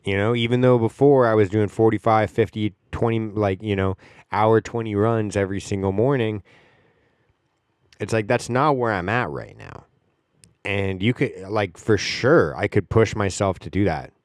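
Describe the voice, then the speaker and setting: Rambling low-voiced man, dry sound. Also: normal speed, dry recording. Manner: rambling, filler-heavy, casual swearing. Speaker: podcast host. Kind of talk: casual monologue.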